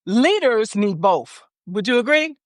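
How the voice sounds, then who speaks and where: Animated woman host saying "okay?". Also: fairly high pitch, unhurried, no room sound. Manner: peppers talk with "okay?". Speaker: podcast host. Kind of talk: casual interview chat.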